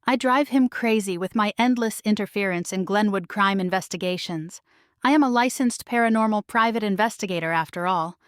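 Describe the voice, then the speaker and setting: A woman's voice: mid-range voice, fairly quick, no room sound, studio quality. A woman narrating a cozy mystery novel in the first person, in a wry, lightly humorous way. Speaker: audiobook narrator.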